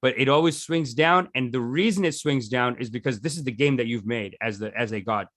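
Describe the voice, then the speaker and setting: A man's voice: medium pitch, brisk, fairly bright tone, no echo, studio quality. A man teaching a meditation session in a loose, rambling, jokey way, often restarting his sentences. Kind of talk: casual teaching talk.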